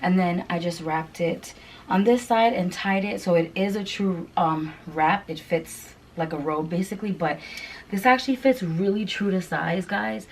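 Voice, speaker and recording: Woman, fashion vlogger, try-on haul, gushing, lowish voice, faint background noise. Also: normal speed, low-quality recording. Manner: gushing, chatty, many fillers.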